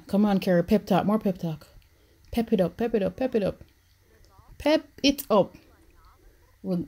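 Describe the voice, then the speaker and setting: A young woman with a Jamaican accent giving excitable, anxious commentary as she plays a life-sim game. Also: medium pitch. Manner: animated, swings from anxious murmurs to shrieks. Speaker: gaming YouTuber.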